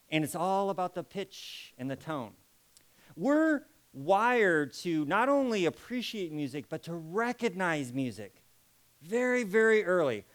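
A man giving an interactive live presentation to an audience, acting out sample phrases to show how tone changes meaning. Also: sits high. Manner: demonstrative, acts out sample phrases.

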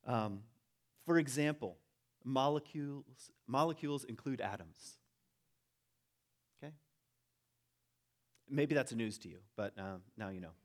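A man giving a reflective talk in a casual, musing way, with frequent ums and dry humor. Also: mid-range voice.

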